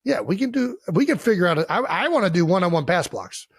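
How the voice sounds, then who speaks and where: A man in his thirties from Ohio, co-hosting a casual podcast chat in a boisterous, excitable way and swearing freely. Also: high voice, fast, husky, dry recording. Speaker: podcast co-host.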